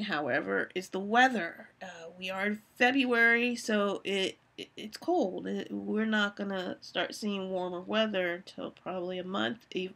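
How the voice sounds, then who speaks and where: A woman's voice: medium pitch, pushed and bright. A woman in her forties, talking candidly and rambling with frequent restarts as she hosts her own live stream. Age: 40s.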